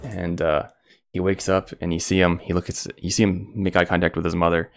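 Deep gravelly man running a tabletop game. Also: level tone, brisk. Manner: rambling, lots of fillers. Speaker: game master. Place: home.

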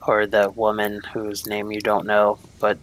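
A man's voice: lowish voice, monotone, a little slow, fairly bright tone, poor audio. A man narrating a tabletop game as game master, describing scenes and playing the people the players meet.

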